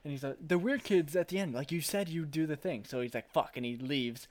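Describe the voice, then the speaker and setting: A man's voice: on the high side, brisk, darkish tone. Man, casual chat, movie recap, acts out quotes, swears, laughs a lot.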